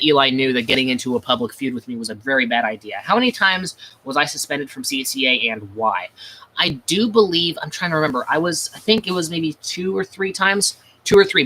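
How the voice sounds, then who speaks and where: A man's voice: mid-range voice, bright, forceful tone. A man chatting casually on a livestream, rambling with many restarts, crude and self-mocking. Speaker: livestream host.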